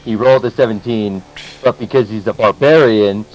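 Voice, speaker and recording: A man narrating as game master of a tabletop game, animated and cursing freely. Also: fairly low pitch, normal speed, muffled recording. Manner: animated, swearing, laughing.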